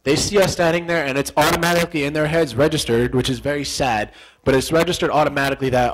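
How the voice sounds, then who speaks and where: Animated man telling a war story. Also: on the high side, fast, low-quality recording. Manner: animated, repetitive storytelling that acts out remembered dialogue. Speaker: interview guest, former soldier. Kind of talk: storytelling in a sit-down interview.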